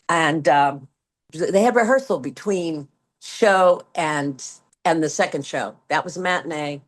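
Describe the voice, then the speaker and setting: A woman in her seventies, a former stage performer, telling a backstage story in an interview and acting out the quoted dialogue with lively swings in her voice. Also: sits low. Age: 70s. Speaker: guest, former Broadway performer. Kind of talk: anecdotal storytelling.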